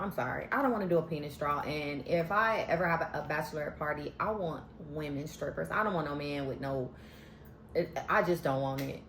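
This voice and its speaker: Low-voiced woman dishing on a reality show, sassy and slangy, echoey room. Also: slight background noise. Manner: sassy, slangy, candid opinions. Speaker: vlogger recapping a reality show. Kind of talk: casual chatty recap.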